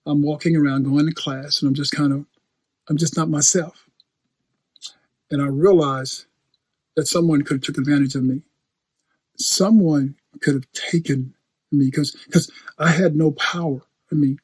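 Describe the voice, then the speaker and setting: A man's voice: a little high, steady tone, moderate pace, pauses often, a little mellow, slightly rough, dry recording. A man preaching a conversational sermon, chatty, often laughing and repeating phrases as he talks. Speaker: pastor.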